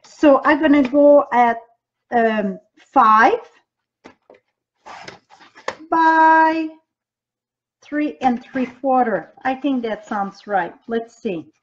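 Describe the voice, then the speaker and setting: A woman with a high voice takes her time as she hosts a live-streamed craft demo. She talks straight to her viewers, explaining each step with loose grammar and plenty of ums. The audio is dull and lo-fi, like a phone stream. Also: lively intonation, slow pace. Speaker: craft demonstrator and team leader. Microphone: device mic from a live video stream.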